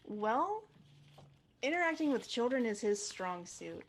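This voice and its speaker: A woman's voice: on the high side, sing-song, unhurried. A woman playing a tabletop game on a livestream, describing her character casually with laughing asides. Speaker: player.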